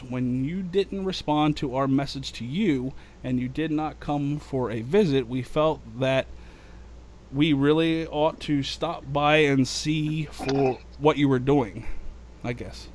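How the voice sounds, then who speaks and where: A man voicing a calm, dry-witted male alien envoy, reading in a slightly higher, softer, measured voice.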